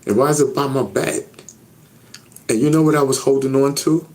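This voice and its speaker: Earnestly telling his own story, an interview guest speaks in a medium-pitched, slightly mellow voice with a steady tone and moderate pace. The casual conversation finds him repeating himself and often asking "you know what I mean?"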